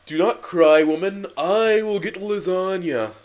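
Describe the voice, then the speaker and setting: A man voicing a bombastic, lasagna-obsessed cartoon cat hero who booms grand declarations. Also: a little slow. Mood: roaring.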